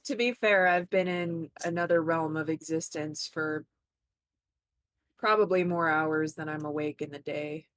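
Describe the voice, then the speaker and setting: A woman's voice: low-pitched, steady tone, a little slow, no room sound. A woman player speaking in character in a tabletop game, wry and playful. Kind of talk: in-character roleplay.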